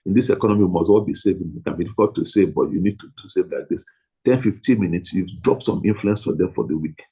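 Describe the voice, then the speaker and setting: A man's voice: sits low, fast talker, warm tone, husky, poor audio. A man leading a training talk for pastors, emphatic and repetitive, leaning hard on single words.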